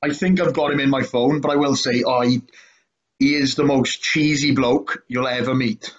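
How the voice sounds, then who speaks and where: A man's voice: medium pitch, fairly even intonation, normal speed. A man co-hosting a casual podcast, joking, laughing often and tripping over his words. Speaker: co-host. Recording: slightly dull lo-fi sound.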